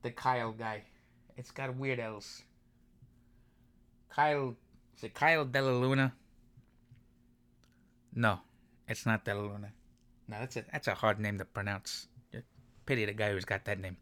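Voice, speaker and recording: A man's voice: on the low side, steady tone, measured pace, pauses often, a bit bright. A man ranting emotionally about his football team, swearing often and mixing sarcasm with affection. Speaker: sports commentator. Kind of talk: profane sports rant.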